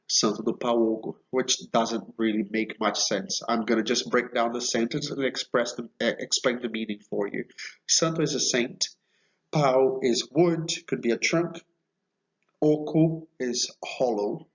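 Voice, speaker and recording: A man teaching idioms in a video lesson, speaking slowly and explaining patiently. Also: mid-range voice, lo-fi sound. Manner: slow, explanatory, repeats phrases and checks with "okay?". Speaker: Portuguese teacher.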